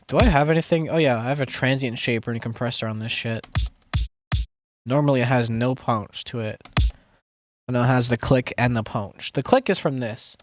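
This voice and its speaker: With a fairly bright, medium-pitched voice, a young music producer talks casually to his stream while he works. He rambles, swears often, pokes fun at himself and restarts sentences constantly.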